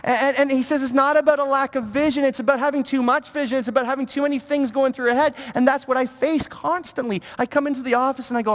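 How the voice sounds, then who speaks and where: A man preaching a sermon as pastor, talking in an animated way with stammering restarts and repeated words. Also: extremely high pitch, fast, few pauses. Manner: animated, stammering repetitions, mock-pious impressions. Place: church sanctuary. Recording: long reverb of a church hall.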